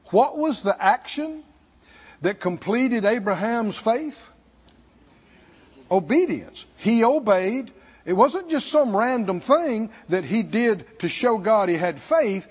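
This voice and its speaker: A man preaching a sermon to a congregation, speaking slowly and pausing for asides to his listeners. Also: high-pitched, very animated, husky. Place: church hall. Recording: dull sound in a hall with long reverb.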